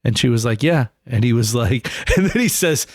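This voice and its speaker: Swearing, animated male podcast co-host. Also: mid-range voice, normal speed, no room sound, clean studio sound. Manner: animated storyteller, swears freely. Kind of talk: casual podcast chat.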